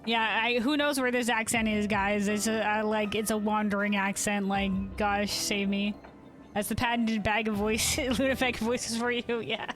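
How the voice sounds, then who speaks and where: A woman's voice: medium pitch, fairly even intonation, normal speed, fairly bright tone, faint music behind. A woman streamer chatting casually and laughing as she plays. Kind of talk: casual gameplay commentary.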